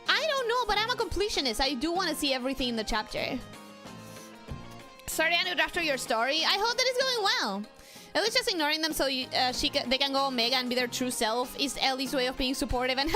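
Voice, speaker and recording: A woman's voice: extremely high pitch, bright, forceful tone. A young woman streaming a game, chatting casually, greeting viewers by name and making joking asides. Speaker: VTuber streamer. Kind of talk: casual let's-play chat. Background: game music.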